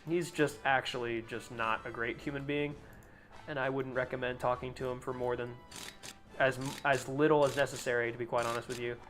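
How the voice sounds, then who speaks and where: A man's voice: medium pitch, little pitch movement, a little fast, a bit bright, faint music behind. A young man chatting casually on a live game stream, rambling, swearing freely and laughing at his own jokes.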